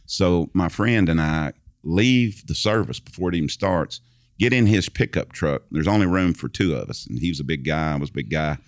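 A man's voice: low-pitched, expressive, moderate pace, dry recording, clean studio sound. A man telling a personal story in casual conversation. He is a vivid storyteller who recites long passages from memory.

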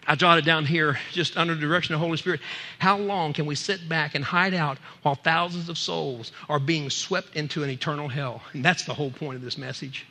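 Fervent high-voiced male preacher. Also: fairly even intonation, brisk, long reverb tail. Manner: fervent preaching, swinging from loud to hushed. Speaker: pastor. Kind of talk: sermon.

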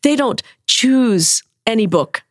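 A woman's voice: fairly high pitch, slow pace, dry recording, studio quality. A woman from the American South telling personal stories in conversation, acting out voices and dropping to whispers. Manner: expressive, acts out quoted voices, drops to whispers. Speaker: storyteller.

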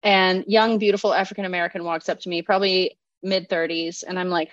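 A middle-aged woman and guest artist telling stories in a casual, animated interview, full of fillers and asides. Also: mid-range voice, fairly quick, few pauses, dry recording, dull audio. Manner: chatty animated storyteller, many fillers and asides. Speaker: guest artist and oracle deck creator.

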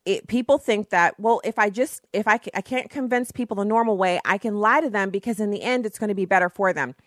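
A woman hosting a talk radio show, her voice scratchy and hoarse, chatting enthusiastically with fillers. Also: medium pitch, fast talker, dry recording, clean studio sound. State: scratchy voice from yelling the day before. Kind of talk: casual talk radio monologue.

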